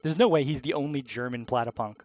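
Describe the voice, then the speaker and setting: A man giving casual commentary as he plays a video game, excitable and swearing freely. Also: mid-range voice, quick pace, muffled recording. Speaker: let's play host.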